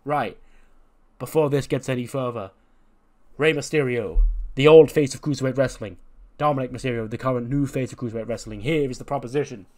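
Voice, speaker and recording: A man voicing a flustered male wrestler who steps in to calm a fight in a hurried, placating manner. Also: medium pitch, lightly acted.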